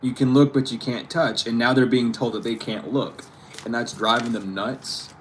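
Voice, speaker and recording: A man's voice: medium pitch, fairly even intonation, normal speed, a little hiss or hum. A man giving a casual spiritual tarot reading to camera, chatty and slangy, often breaking into laughter. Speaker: tarot reader.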